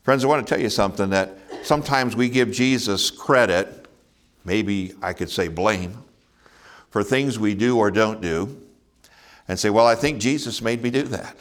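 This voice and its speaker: A man's voice: fairly low pitch, normal speed. A man preaching a sermon, earnest, asking his listeners rhetorical questions and chuckling now and then. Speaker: pastor.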